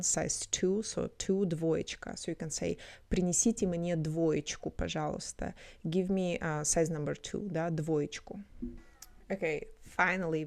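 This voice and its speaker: A woman explains words and phrases in a relaxed, teacherly way, filling her pauses with ums. Her voice sits low for a woman. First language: Russian. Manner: explanatory, many fillers. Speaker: language teacher. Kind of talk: explaining language clips.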